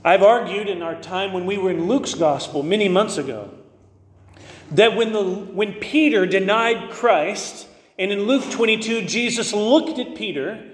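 A man preaching a sermon as pastor, earnest and emphatic, slowing to stress key phrases. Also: high-pitched, reverberant, big-room sound.

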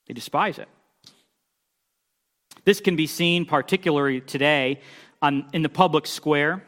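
A man preaching a sermon, emphatic, swinging between loud declarations and quiet asides as he reads scripture aloud. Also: on the high side, unhurried, pauses often. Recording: long hall reverb.

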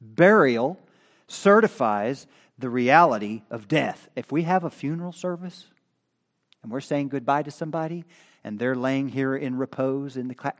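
A man preaching a sermon at a church, moving from quiet teaching to loud emphatic peaks, with chatty asides. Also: medium pitch. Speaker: pastor. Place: church sanctuary. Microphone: stand microphone.

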